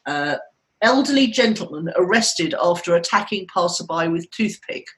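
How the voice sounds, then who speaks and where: In a casual podcast chat, a female co-host in her 50s tells lengthy, gossipy stories and laughs frequently. She speaks on the low side, expressively, at a moderate pace, and the recording is rough.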